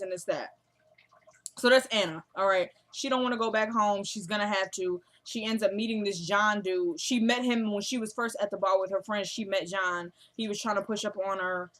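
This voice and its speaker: Chatty woman recapping a TV episode. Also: medium pitch. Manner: chatty, acts out characters' lines in quick paraphrase; slangy, fillers like "you feel me". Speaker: TV show recapper.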